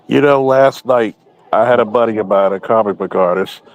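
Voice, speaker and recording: A man's voice: on the low side, moderate pace, dull audio. A man talks in casual podcast chat with a blunt, profane edge. He tells stories by quoting himself again and again. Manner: quotes himself often.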